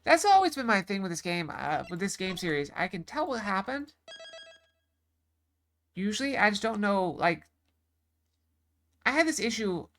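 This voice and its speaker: A woman's voice: mid-range voice, sing-song, normal speed, pauses often, a bit bright. A woman game streamer talking casually on a live stream, rambling with lots of fillers and restarts, from a home setup.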